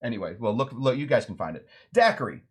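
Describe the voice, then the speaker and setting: A man's voice: medium pitch, lively intonation, quick pace, slightly rough. A man hosting a cocktail show who tells drink history in a rambling, joking way, often breaking into playful voices for the people in his story. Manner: rambling, jokey, acts out voices in anecdotes. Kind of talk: casual storytelling lesson.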